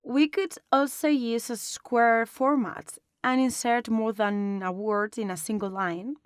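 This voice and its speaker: A woman explaining a design lesson step by step in a calm, instructional way, recorded as a close voice-over. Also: a little high, unhurried, smooth, dry recording. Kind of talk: online lesson narration.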